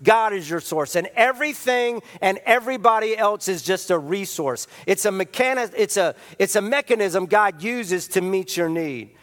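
A preacher speaking to his congregation, animated and storytelling, with a fairly high male voice. The sound carries a long, echoing hall reverb. He moves between plain talk and acted-out voices as he preaches. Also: moderate pace, few pauses. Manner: animated storytelling, acts out quotes with comic voices. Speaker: pastor. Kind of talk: sermon.

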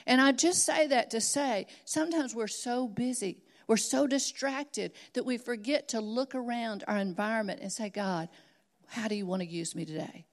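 A middle-aged woman preaching a sermon, telling stories earnestly and building to emphatic exhortation. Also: medium pitch.

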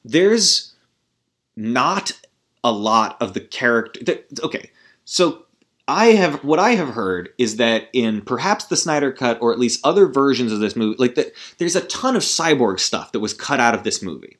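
A man's voice: medium pitch, very animated, normal speed, a bit bright. A man hosting a podcast, ranting about a film in a rambling, exasperated way, with profanity and many restarts. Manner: rambling, exasperated, swearing, full of restarts and asides. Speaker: podcast host. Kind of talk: casual film-review rant.

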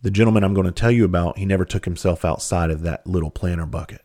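A man's voice: low voice, fast, warm tone. A man from South Carolina, a comedian and speaker telling a loose, profane story in casual conversational style.

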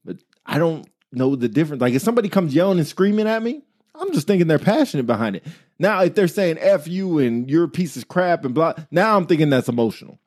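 With a fairly high pitch and a quick delivery, this talk-show co-host chats energetically, voicing quoted asides as he works through examples. The studio-quality audio has no room sound.

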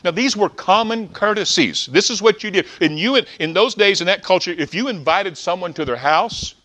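Male preacher, sermon, excitable, stumbles and restarts, fairly high bright voice. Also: normal speed.

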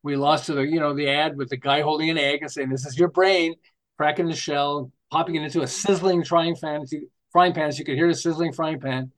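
Podcast guest: older man from Canada, a bit high-voiced, lively, rambling anecdotes. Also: fairly quick, hardly any pauses. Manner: rambling, animated anecdotes with restarts. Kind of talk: casual interview storytelling.

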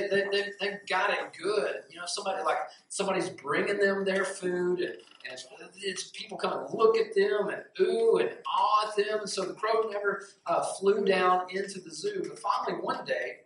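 A man pastor preaching a sermon, telling a story in an earnest, animated way before leading a prayer. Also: sits high. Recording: very echoey room, distant mic, faint noise.

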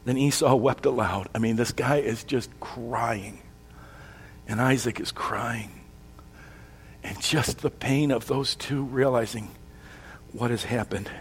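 A man preaching a sermon, retelling a story dramatically and moving between soft and loud passages. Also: medium pitch, slow pace, long pauses, slight background noise. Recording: long reverb of a large hall.

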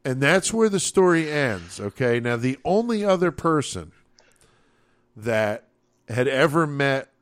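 A man's voice: medium pitch, unhurried. A man co-hosting a podcast, telling a long story in casual chat, swearing often and acting out the voices of the people in it. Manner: profane, animated storyteller acting out quoted voices. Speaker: podcast co-host.

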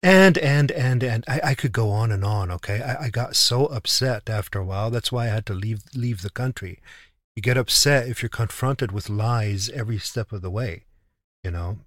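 A man's voice: on the low side, moderate pace, a bit bright, no echo, clean studio sound. A man telling a travel story in casual chat, indignant, often repeating and restarting words.

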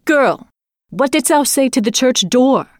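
Woman reader doing a high, slow, indignant false bride in a fairy tale, dry close sound. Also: expressive, dry recording. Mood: demanding. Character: shrill haughty false bride, young woman.

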